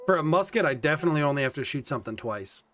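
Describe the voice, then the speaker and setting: A man's voice: fairly high pitch, expressive, racing, fairly bright tone, a little hiss or hum. A man on a gaming voice call with a slightly raised voice, laying out game mechanics with easy confidence. He talks in casual, assured bursts. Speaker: gamer in a voice chat.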